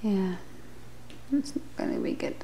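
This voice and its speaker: A woman's voice: measured pace, mellow. A young woman, a mother, talking in sing-song, coaxing baby talk at home, filmed on her phone. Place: home, indoors. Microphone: phone camera. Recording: noisy home phone video.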